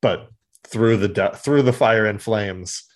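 A man's voice: fairly low pitch, slow. A man co-hosting a podcast, casually recapping a comic and acting out the characters' lines in silly voices. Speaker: podcast co-host.

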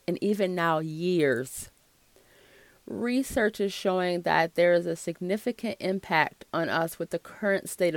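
A woman's voice: fairly low pitch, no room sound. A woman in her thirties or forties hosting her own solo podcast, talking in a chatty, encouraging way. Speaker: podcast host.

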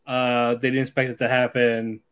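A man's voice: medium pitch, completely flat delivery, normal speed, a bit bright, clear, resonant tone. A man co-hosting a podcast in casual chat, laid-back, giving brief replies and laughing often. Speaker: podcast co-host.

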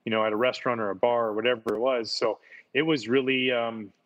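A man's voice: mid-range voice, fairly even intonation, fast, fairly bright tone. A man, a former baseball player, chatting casually and telling enthusiastic stories about his playing days, often repeating words for emphasis. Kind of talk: casual chat, storytelling.

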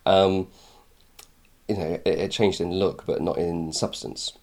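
A man's voice: low-pitched, little pitch movement, a little slow, a little mellow. A man and former book editor chatting casually, rambling with many fillers and restarts. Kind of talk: casual conversation.

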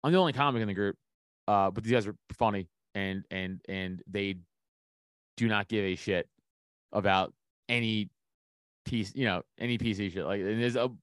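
A man's voice: fairly low pitch, moderate pace, pauses often, smooth, no room sound. A man, a comedian telling profane stories on a podcast and laughing often. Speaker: comedian guest. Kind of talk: casual podcast chat.

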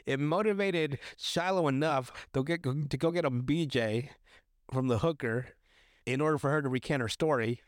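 Here a young male podcast host, his voice a little high and his speed normal, chats crudely about a TV episode. He swears frequently and rambles with many fillers and restarts. The studio sound is clean, with no echo.

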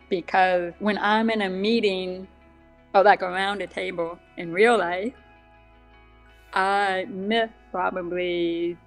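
A woman guest in a casual interview, speaking with a deaf accent that makes some sounds slightly different, chatty and quick to laugh at herself. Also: medium pitch. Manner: chatty, laughs often, self-deprecating asides. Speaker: guest author.

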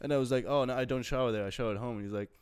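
A man's voice: mid-range voice, racing, clear, resonant tone. A man, a comedian, trading jokey stories in a casual podcast chat and laughing often.

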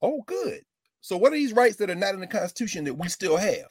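A man giving an animated lecture with comic asides, jokey and quick to slip into mock voices. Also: sits high, no room sound, clean studio sound.

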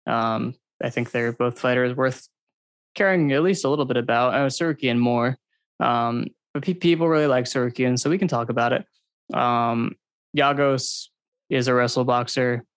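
A man's voice: mid-range voice, moderate pace, clean tone, dry recording. A man co-hosting a podcast, breaking down fights in a loose, rambling way full of ums and likes. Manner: rambling, hedging, filler-heavy analysis. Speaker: podcast co-host. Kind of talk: casual podcast chat.

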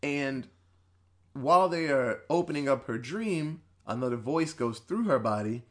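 This podcast clip has a man casually going through a horror movie's story in an animated, medium-pitched voice at a measured pace. He rambles, curses, and quotes the characters, laughing as he moves from point to point.

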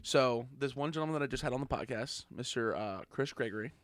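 A man's voice: mid-range voice, fast talker, a bit bright, no echo. A young man hosting a podcast, chatting casually in a rambling, jokey way and laughing at his own jokes. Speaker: podcast host. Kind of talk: casual chat.

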